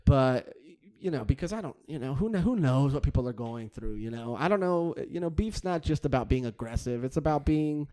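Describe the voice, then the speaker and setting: A man's voice: mid-range voice, animated, brisk, few pauses, warm tone, clean tone. A man co-hosting a podcast in casual comedic chat, joking around and leaning on "you know" and "dude.". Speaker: podcast co-host.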